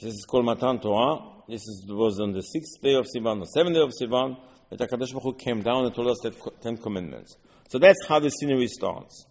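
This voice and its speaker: A man giving a Torah lesson, explaining verses line by line in halting non-native English mixed with Hebrew. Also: medium pitch, animated, darkish tone, long reverb tail. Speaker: Torah teacher.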